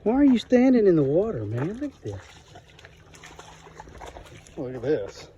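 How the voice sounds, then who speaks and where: A man's voice: a little high, huge pitch swings, measured pace, dark tone, highs cut off. A man narrating his farm chores casually outdoors, chatting to and calling his animals while filming on a phone in his hand. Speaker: farm vlogger. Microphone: phone held in one hand. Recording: outdoor phone audio with noise.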